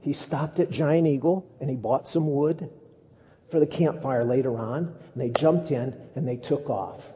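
Dark-voiced male pastor preaching. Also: medium pitch, measured pace, slight background noise. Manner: conversational, with humorous asides. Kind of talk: sermon. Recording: dull echoey church recording.

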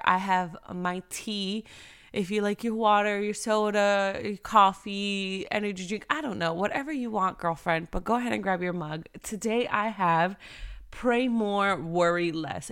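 Woman in her thirties, podcast host, bubbly and rambling, low-ish voice, smooth tone. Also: fairly bright tone. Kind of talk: casual chat. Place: home.

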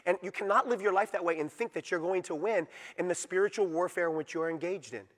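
A man preaching a sermon in a high, bright and forceful voice. He hammers his points with repetition and keeps asking the congregation whether they follow. The sound rings with the long reverb of a church hall. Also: a little fast, hardly any pauses. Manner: emphatic, repetitive, rhetorical questions to the congregation. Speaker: pastor.

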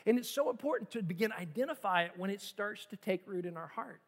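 A man's voice: high-pitched, lively intonation, quick pace, in a large hall. A man preaching a sermon with emphatic repetitions and rhetorical questions, as a pastor.

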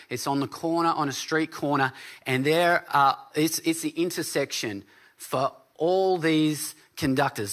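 A man's voice: mid-range voice, a bit bright. Man, pastor, conversational sermon, storytelling, casual. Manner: casual storytelling, checks in with the audience.

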